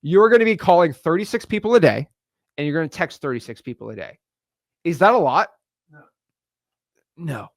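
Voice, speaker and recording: A man's voice: a little high, lively intonation, dry recording. Hyped young man coaching, dry close mic. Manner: hyped, rapid repetitions and slangy asides. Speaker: real estate wholesaling coach. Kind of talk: energetic online course talk.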